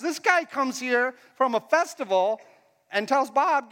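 A man's voice: very high-pitched, unhurried, a bit bright. A man preaching a casual, conversational sermon in a church hall, asking the crowd questions as he goes. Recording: long hall reverb.

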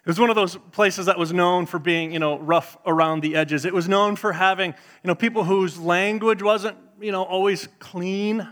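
A middle-aged man, preaching a sermon in an animated way, swinging between loud bursts and hushed asides. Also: sits high, normal speed, hardly any pauses. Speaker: pastor.

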